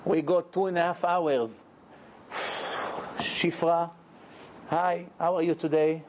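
A man telling a lively, joking story in a Torah lecture and acting out the characters as he goes. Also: fairly high pitch, slow pace, a little hiss or hum. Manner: animated, jokey storyteller who acts out characters. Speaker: rabbi giving a Torah lecture. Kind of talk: storytelling sermon.

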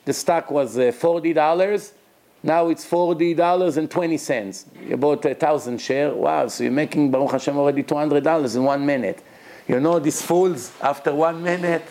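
A man's voice: animated, normal speed, a little mellow. Man giving a religious lecture. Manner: storytelling, acts out quoted dialogue with rising pitch.

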